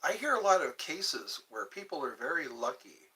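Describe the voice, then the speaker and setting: Lively rambling man hosting a livestream. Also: a little high, normal speed, far from the mic. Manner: rambling, jokey, chatting with viewers. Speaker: livestream host. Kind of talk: casual livestream chat.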